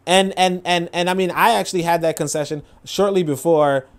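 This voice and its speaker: A man's voice: high-pitched, fairly even intonation, fairly quick, clear, resonant tone. A man commenting casually on a clip, rambling with many fillers. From New York. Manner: rambling, filler-heavy, acts out quoted voices.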